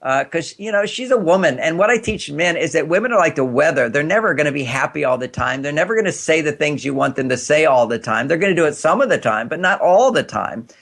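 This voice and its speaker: A man's voice: on the high side, animated, quick pace, gravelly, few pauses, fairly bright tone. An older man, a guest on a talk show, explaining relationships in a chatty way with frequent restarts and fillers. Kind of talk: radio talk-show interview.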